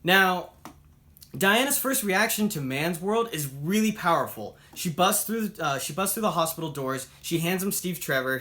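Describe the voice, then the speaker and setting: Male reviewer, casual and upbeat, a bit high-pitched, bright tone, acts out quotes. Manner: chatty, upbeat, acts out characters' lines while retelling. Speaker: comic book reviewer.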